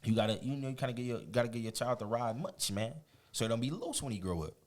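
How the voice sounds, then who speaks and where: Animated man telling a story. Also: mid-range voice, fast talker, background noise. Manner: animated, laughing, acts out quotes. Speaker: guest. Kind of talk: casual storytelling.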